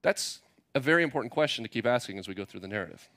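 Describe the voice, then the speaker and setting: A man preaching a sermon at an ordinary, mid-range pitch. He talks in a relaxed, conversational way, reading passages and then retelling them in casual, playful paraphrase. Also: rapid-fire. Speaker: pastor.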